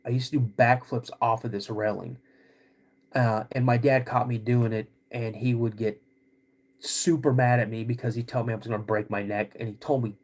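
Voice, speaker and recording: A podcast host telling a personal story in a halting, casual way, with many restarts. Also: male voice, mid-range voice, flat delivery, a little mellow.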